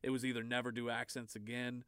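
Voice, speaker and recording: Smooth-voiced podcast co-host man. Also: medium pitch, completely flat delivery, quick pace, fairly bright tone, dry recording, studio quality. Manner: loose and rambling, heavy on fillers. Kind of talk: casual podcast chat.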